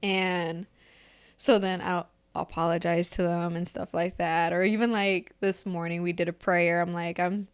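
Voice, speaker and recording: A woman's voice: on the low side, level tone, unhurried, clear, resonant tone. A woman in her thirties co-hosting a podcast, chatting casually and laughing often as she tells family stories. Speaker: podcast co-host. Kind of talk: casual chat.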